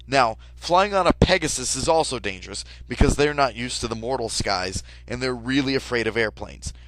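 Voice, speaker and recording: A young man telling an absurd comic story in a casual, deadpan way, peppered with swearing and "like". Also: mid-range voice, moderate pace, no room sound, poor audio. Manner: casual, deadpan, profane, lots of "like".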